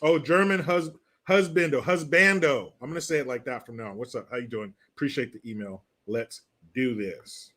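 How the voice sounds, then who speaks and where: A man's voice: mid-range voice, fairly quick, hardly any pauses. A man hosting a casual commentary show, reading out viewer messages and joking between them with frequent laughs. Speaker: host.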